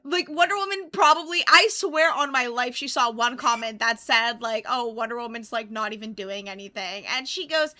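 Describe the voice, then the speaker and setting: High, bright, giggly woman co-host. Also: expressive. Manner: giggly, agreeable, quick backing replies. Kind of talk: casual chat.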